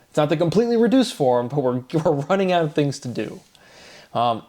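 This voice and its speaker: Man, solo monologue, rambling, self-questioning, drawn-out questions, mid pitch. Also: darkish tone. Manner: rambling, asks himself rhetorical questions, wordplay. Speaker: solo lecturer. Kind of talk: solo spoken monologue on word theory.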